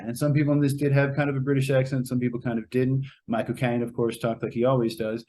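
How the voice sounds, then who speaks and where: A man's voice: medium pitch, fast, few pauses, warm tone, slight background noise. A man giving a casual, rambling spoken movie review, with many fillers and restarts. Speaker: movie reviewer, show co-host.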